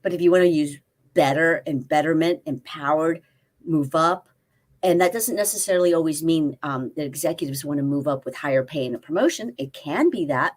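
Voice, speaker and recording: A woman's voice: sits low, brisk. A woman in her fifties, a life coach and guest, chatting casually and telling stories, acting out quoted dialogue. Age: 50s. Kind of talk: casual interview chat. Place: spare room at family home.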